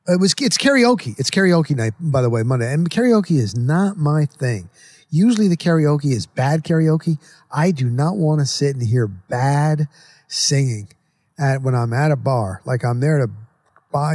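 A man's voice: on the high side, a little mellow, no echo, clean studio sound. A middle-aged man telling a long casual story as a host, rambling, repeating himself and correcting himself mid-sentence.

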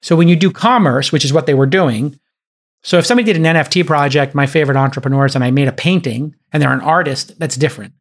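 A man's voice: a little high, fast. A man hosting a podcast, telling an emphatic story in casual chat and acting out the quoted dialogue. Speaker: podcast host.

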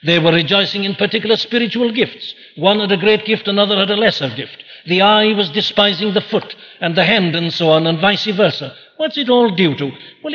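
A man's voice: high-pitched, fairly bright tone, in a large hall, muffled recording. A man preaching a sermon earnestly, posing questions and answering them himself. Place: church.

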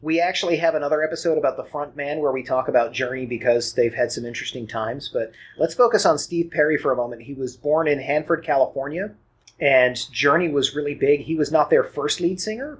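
A man's voice: medium pitch, fairly quick, husky. A man co-hosting a music podcast, explaining songs in an easygoing, informative way and laughing often. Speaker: podcast co-host and producer. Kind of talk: casual music chat.

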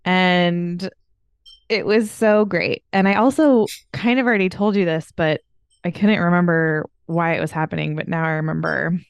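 A woman in her thirties hosts a casual podcast chat and tells stories with frequent laughter. Her voice sits a bit low and sounds smooth. The recording is dry and close. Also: steady tone, normal speed, no room sound. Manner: chatty, laughs often while telling stories. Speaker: podcast host.

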